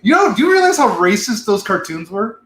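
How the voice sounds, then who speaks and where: Give me a laid-back, high-voiced man hosting a cigar lounge chat. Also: very animated, fairly quick, a bit bright, reverberant, slight background noise. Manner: laid-back, swearing, laughing, rambling. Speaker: host. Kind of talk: casual livestream chat.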